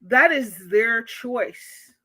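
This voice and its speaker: Blunt, bright-voiced woman therapist ranting. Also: a little high, animated, very slow. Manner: blunt, swears freely; indignant ranting. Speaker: therapist reacting to a social media post. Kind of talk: reaction vlog commentary.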